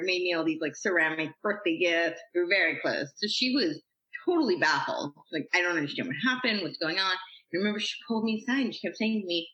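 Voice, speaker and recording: A woman guest on a podcast, telling stories from her life in a chatty, animated way, acting out what people said. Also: lowish voice. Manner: chatty, animated, uses "like" a lot and acts out quotes. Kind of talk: casual storytelling interview. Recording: echoey room, slightly dull sound.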